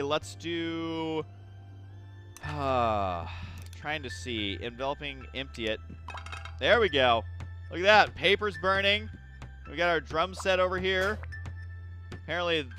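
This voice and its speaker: A young man giving casual let's play commentary while gaming, excitable and quick to exasperated outbursts. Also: a little high.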